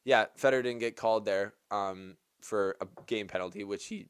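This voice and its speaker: A man with a lowish, smooth and clear voice talks through his opinions on a match in a casual, rambling way. He leans on "like" and restarts as he thinks aloud. The sound is dry and close, with no room around it. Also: big pitch swings, moderate pace, dry recording. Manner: chatty, rambling, heavy use of "like". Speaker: tennis channel host.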